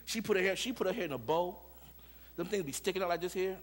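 A middle-aged male pastor preaching a Sunday sermon in a church, repeating words and moving from low musing to shouted preaching. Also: fast. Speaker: senior pastor. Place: church sanctuary.

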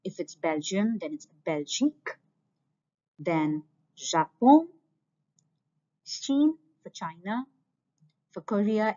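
A woman teaching a beginner French lesson in English, saying each French word slowly and repeating it so learners can copy her. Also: mid-range voice, lively intonation, dark tone. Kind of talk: online language lesson. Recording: slightly dull lo-fi sound.

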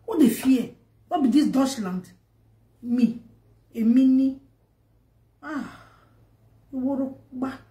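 Nigerian woman, high voice, emphatic rant to camera, roomy echo. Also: slow pace, pauses often, warm tone. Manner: emphatic, scolding, repetitive. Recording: echoey room.

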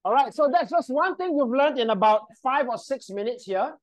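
A high-pitched woman with lively intonation runs a live presentation workshop at a moderate pace. As a voice and presentation trainer, she directs the group in the training room cheerfully and checks in with them often.

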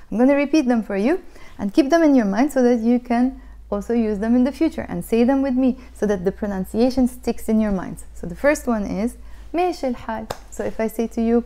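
A woman's voice: on the high side, dark tone. A woman teaching a language lesson, patiently repeating phrases for learners.

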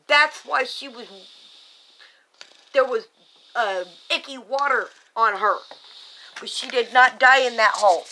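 A woman's voice: a little high, pushed and bright, slight background noise, poor audio. A woman telling her own story in an agitated, insistent way, full of restarts, into a home camera held by a family member. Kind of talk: rambling monologue to a home camera.

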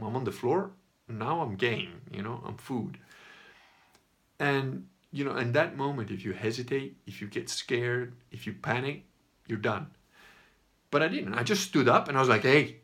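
A man's voice: mid-range voice, vocal fry, fairly bright tone. A middle-aged man telling a personal story in a casual monologue, rambling and swearing, laughing as he goes and acting out what people said. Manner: rambling, profane, laughs as he talks, acts out quotes.

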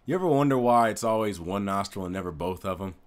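A man's voice: fairly low pitch, animated, fast. A man hosting a reaction video, rambling casually and laughing often.

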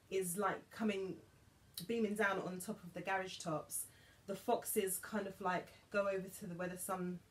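A woman, chatting casually through a shopping haul with giggly, emotional asides. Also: mid-range voice. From England. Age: 30s. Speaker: vlogger.

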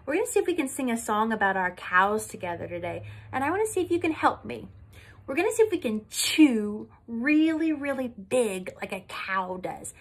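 A young woman leading a sing-along music lesson for toddlers, animated and coaxing in an exaggerated way. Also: a little high, normal speed, breathy edge. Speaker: children's music teacher.

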